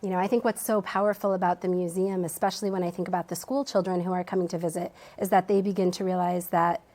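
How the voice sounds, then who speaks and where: A woman's voice: on the low side, level tone, fast, darkish tone. A woman, a museum education director, answering interview questions in a TV studio, thoughtful and with frequent ums and restarts.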